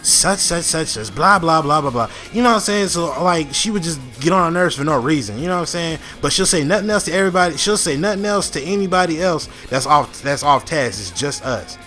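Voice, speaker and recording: Bright-voiced young man telling a story. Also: fairly high pitch, animated, fast talker, few pauses, soft background music. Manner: laid-back, slangy, full of fillers and restarts. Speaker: storytime vlogger. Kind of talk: casual storytelling.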